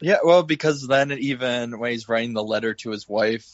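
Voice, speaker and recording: A man's voice: mid-range voice, moderate pace, no echo. A man co-hosting a podcast, describing film moments in an easygoing way. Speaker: podcast co-host. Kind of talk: casual film discussion. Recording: dull lo-fi dry sound.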